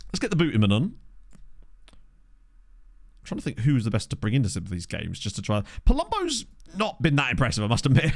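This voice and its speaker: Male streamer, casual chat, animated voice, dry close mic. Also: mid-range voice, dry recording. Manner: chatty, reads chat aloud, excitable reactions to match play. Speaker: streamer playing a football management game. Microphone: desk microphone.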